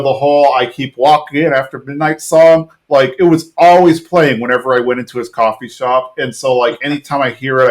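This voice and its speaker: A man in his thirties casually recapping a cartoon episode on a podcast, rambling with lots of fillers and restarts. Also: mid-range voice. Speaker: podcast co-host.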